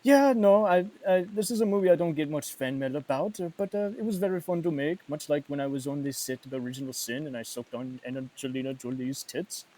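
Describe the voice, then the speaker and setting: A man putting on an impression of a famous male film actor, boastful and crude, talking in halting bits full of fillers. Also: fairly high pitch, dark tone, natural voice, low-quality recording.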